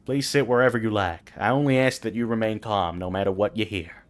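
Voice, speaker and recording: A man's voice: fairly low pitch, fairly quick, faint music behind, close to an everyday voice. A man reading out lines for a stern female knight commander in a silly cowboy voice, formal and stately. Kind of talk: reading game dialogue aloud on stream.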